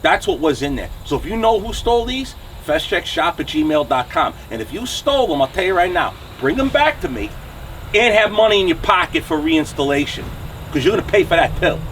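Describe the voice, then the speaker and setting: A man's voice: sits high, sing-song, a little fast, fairly bright tone, distant mic, a little hiss or hum. A man in his forties with a New Jersey accent, ranting angrily and bluntly to camera outside his truck shop, swearing and punctuating with "okay?" and "right?". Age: 40s. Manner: angry, profane, blunt, keeps asking "okay?" and "right?". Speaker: trucking channel host. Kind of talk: angry to-camera rant.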